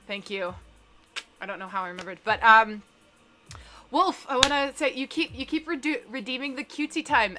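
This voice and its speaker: A bright, forward-sounding young woman with a Southern US accent talks through her live stream. She rambles, reads out chat messages and pokes fun at herself, with faint music underneath. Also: a little high. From Southern United States. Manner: chatty, rambling, self-deprecating, reads chat aloud.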